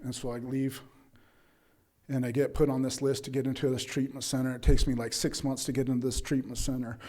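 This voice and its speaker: A man's voice: mid-range voice, little pitch movement, fairly quick, mellow. A man speaking at a recovery meeting, telling his own story in a loose conversational way, full of "right?" and fillers and acting out what others said. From Utah, USA. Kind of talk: personal recovery testimony.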